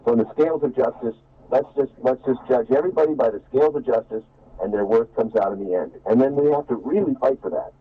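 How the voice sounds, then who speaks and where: A male caller speaks fast and earnestly, rambling through restarts in a husky voice. He comes through a tinny, phone-like line. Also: mid-range voice. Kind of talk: call-in opinion.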